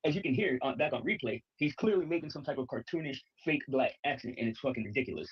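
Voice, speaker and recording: A man's voice: mid-range voice, animated, fast talker, slightly rough. A man with a mid-range voice speaks bluntly, with a mocking edge, in casual panel chat. His voice comes through a dull, lo-fi stream feed. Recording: lo-fi stream audio.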